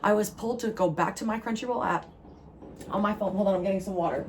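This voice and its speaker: Jersey woman doing a tarot channel msg, earnest and rambly, faint hiss behind. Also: medium pitch. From New Jersey. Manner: earnest, rambling, emotional delivery in quick bursts. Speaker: tarot reader. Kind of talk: spiritual channeled message.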